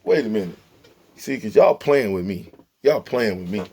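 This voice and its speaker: Gravelly, exasperated football commentator, man. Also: lowish voice, expressive, moderate pace, mellow. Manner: preachy, emphatic, exasperated, talks to players directly. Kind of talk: animated sports commentary vlog.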